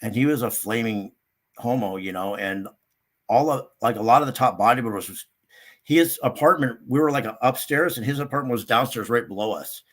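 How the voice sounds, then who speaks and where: A man's voice: a little fast, fairly bright tone. An older man, a guest in a casual interview, telling a rambling story and acting out what others said. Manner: rambling, acts out quotes with sudden higher pitch.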